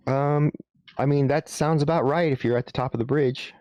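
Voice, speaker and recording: A man running a tabletop game as game master, explaining rules in a halting way with frequent restarts. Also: mid-range voice, steady tone, darkish tone, no room sound.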